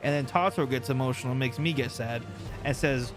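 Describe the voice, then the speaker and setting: A young man casually commenting on a story game for his livestream chat, animated and joking as he recaps what happened. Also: medium pitch, normal speed, music in the background.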